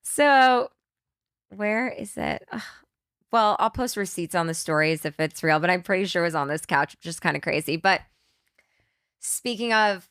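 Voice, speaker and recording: A young woman from New Jersey hosting a podcast, telling a long rambling story in casual chat with quick asides. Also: on the low side, animated, fairly bright tone, clean tone, no echo, clean studio sound. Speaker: podcast host.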